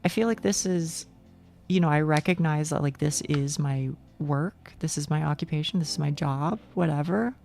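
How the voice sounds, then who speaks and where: A woman's voice: low-pitched, normal speed, vocal fry, darkish tone, soft background music. A young woman streaming, chatting casually with viewers, rambling and swearing with frequent laughs.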